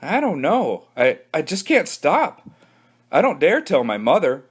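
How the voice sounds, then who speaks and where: Man reading as an eager, stubborn boy in a storybook, lively raised voice. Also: a little high, unhurried, slightly rough, pitched above the performer's own voice, heavily acted. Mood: sheepish. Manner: eager, shouty, triumphant. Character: excitable stubborn young boy.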